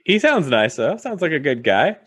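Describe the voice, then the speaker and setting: A man's voice: fairly high pitch, sing-song, moderate pace, fairly bright tone, slightly rough. Laid-back man with wry quips. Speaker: podcast co-host. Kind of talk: casual chat.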